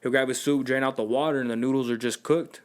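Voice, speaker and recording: Young male podcast host, quick slangy storyteller, mid pitch. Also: steady tone. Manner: loose slangy storytelling, acts out quotes. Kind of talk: casual chat.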